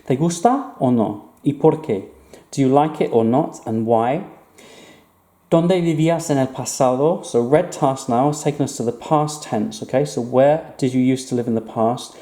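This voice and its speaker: A man teaching an online lesson, explaining patiently and slowing down to repeat words clearly. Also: medium pitch, dark tone, reverberant. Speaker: Spanish teacher.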